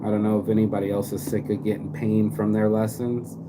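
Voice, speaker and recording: A man's voice: on the low side, level tone, brisk, very noisy. A man from the Bay Area hosting a rambling motivational live stream from his phone while walking outdoors, talking in a loose, slangy, profane way. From Bay Area, California.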